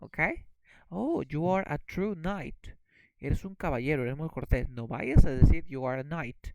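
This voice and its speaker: Gravelly man teaching English. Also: on the high side, very animated, normal speed, darkish tone, no room sound, poor audio. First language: Spanish. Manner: repeats words, checks in with "okay?". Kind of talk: bilingual lesson explanation.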